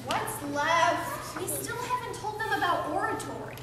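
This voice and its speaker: A teenage girl presenting a playful, giggly comedy sketch, sometimes bursting into melodramatic shouting. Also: extremely high pitch, lively intonation, unhurried. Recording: echoey room from far off, loud noise.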